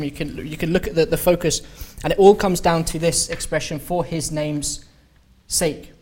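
Male preacher, slightly high voice, slow deliberate sermon delivery with restarts. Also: a little mellow. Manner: unhurried, halting, with frequent restarts and drawn-out emphasis. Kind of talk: sermon-style Bible study talk. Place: meeting hall.

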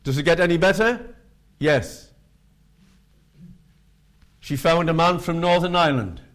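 A man preaching, telling street-evangelism stories in a lively way. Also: fairly high pitch, unhurried. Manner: animated, acts out quoted voices. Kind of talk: sermon with storytelling.

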